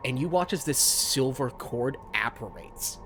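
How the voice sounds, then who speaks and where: A man narrating a tabletop game as game master, brisk and stumbling at times. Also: mid-range voice, animated, fairly bright tone, soft background music.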